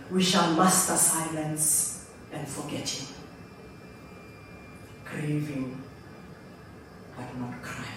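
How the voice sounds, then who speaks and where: A woman poet performing her poetry live, slow and incantatory, moving from murmurs to cries, in a university lecture hall. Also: deep voice, distant mic. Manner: slow, incantatory, dramatic swings from murmur to cry. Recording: echoey hall from afar, faint noise.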